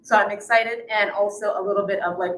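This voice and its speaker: A woman's voice: medium pitch, quick pace, slight background noise. A woman author talking about her novel before reading from it, laughing easily and joking at her own expense. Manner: laughing, self-deprecating, lively. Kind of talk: live book reading and chat. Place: bookstore. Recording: echoey bookstore.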